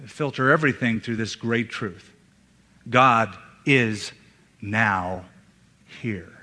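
A male pastor preaching a sermon in a church, emphatic, with dramatic pauses and hushed drops. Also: on the low side. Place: church sanctuary. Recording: long hall reverb.

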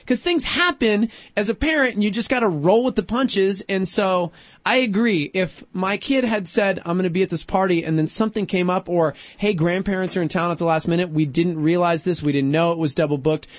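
A man's voice: high-pitched, a little fast, dry recording. A man in his thirties hosting a radio show, chatting casually and laughing often. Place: radio studio.

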